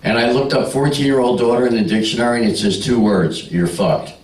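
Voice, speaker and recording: Here a man in his sixties with a mid-range voice keeps up a quick pace, working a party crowd with stories, punchlines and back-and-forth banter. The live-audience party room comes across as roomy, the mic distant.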